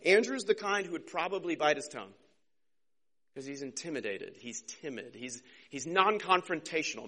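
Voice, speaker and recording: A man preaching a casual, conversational sermon as a pastor, joking and slipping into quick character voices. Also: on the high side, expressive, bright, forceful tone.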